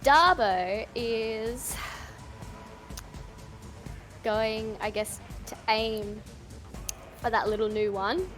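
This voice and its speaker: A woman describes her character's move in a tabletop game, speaking very slowly and pausing to find her words. Faint music hums underneath. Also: on the high side, fairly bright tone. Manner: hesitant, thinking aloud. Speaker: player. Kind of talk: casual tabletop game chat.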